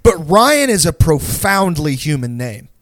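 A man's voice: a little high, big pitch swings, unhurried, no room sound, clean studio sound. A young man telling stories in a casual chat, rambling and profane, full of "like" and slang. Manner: rambling, profane storytelling with lots of "like". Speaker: podcast co-host.

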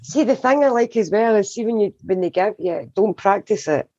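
A woman's voice: medium pitch, expressive, moderate pace, dark tone, husky, no room sound, lo-fi sound. A woman from Scotland with a Scottish accent, a guest in casual podcast chat who laughs often.

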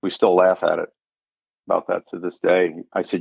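Older guy telling his story, low gravelly voice, dull lo-fi sound, acts out what people said. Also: flat delivery, moderate pace, dry recording. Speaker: interview guest, retired forensic accountant. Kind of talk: personal storytelling in an interview.

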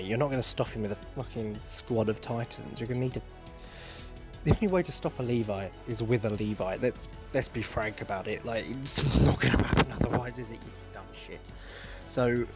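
A man gives casual video commentary, ranting and swearing in a mid-range voice. His tone stays exasperated and informal, with faint music running underneath. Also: medium pitch. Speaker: anime reviewer.

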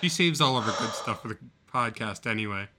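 A man's voice: fairly low pitch, lively intonation, fast talker, background noise. A man co-hosting a podcast in casual chat, with dry, wry humor. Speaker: podcast co-host.

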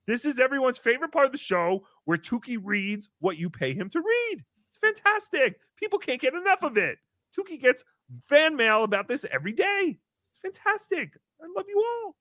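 A man plays a high, bright-toned, self-pitying showman, full of melodrama and swinging pitch. He refers to himself in the third person as if hosting his own sad little show. The sound is dry and close. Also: huge pitch swings, normal speed, no echo, exaggerated voice. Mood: excitable. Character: silly, self-pitying, nasal-voiced male showman. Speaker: livestream show host. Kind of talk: comedic live-stream character bit.

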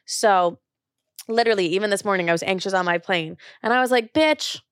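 A woman's voice: mid-range voice, fast, fairly bright tone, no echo, studio quality. Candid, profane young woman podcaster. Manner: candid and profane, many "like" fillers. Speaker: podcast host. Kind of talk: casual solo podcast talk.

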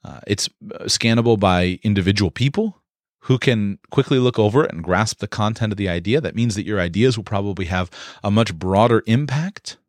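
A man with a fairly low voice delivers an instructional talk, explaining points step by step in a measured, deliberate way. The sound is dry and close, with little room reflection. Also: no room sound. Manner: measured, explanatory, with occasional fillers.

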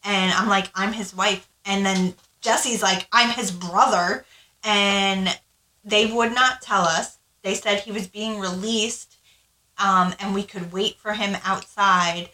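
A woman's voice: medium pitch, steady tone, slow pace, bright, forceful tone, reverberant, rough recording. A woman co-hosting a podcast, telling her story in casual, frank chat, swearing freely and acting out what people said. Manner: frank, swears freely, acts out quoted lines. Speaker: podcast co-host.

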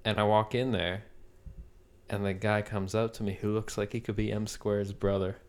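Low, smooth-voiced man telling stories. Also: little pitch movement, moderate pace, darkish tone. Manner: rambling storyteller, acts out quotes. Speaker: podcast co-host. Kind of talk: casual chat.

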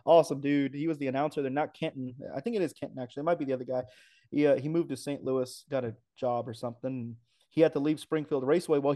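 A racing announcer with a warm, somewhat high-pitched voice talks enthusiastically and emphatically in a casual podcast interview. He sprinkles in playful asides.

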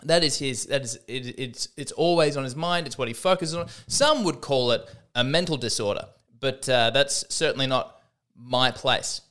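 A man's voice: medium pitch, normal speed, fairly bright tone. A man hosting a podcast, delivering a rambling, self-deprecating comedic monologue with frequent restarts. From Australia. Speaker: podcast host.

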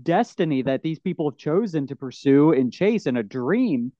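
A man hosting a casual film chat, rambling and excitable, full of "like" and "you know.". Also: on the high side, moderate pace, dry recording. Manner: excitable, often swears. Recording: slightly dull lo-fi sound.

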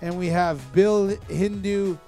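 A man's voice: high voice, slow pace, dark tone, soft background music. A man co-hosting a casual podcast, reading out event listings and stumbling over names and dates. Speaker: podcast co-host.

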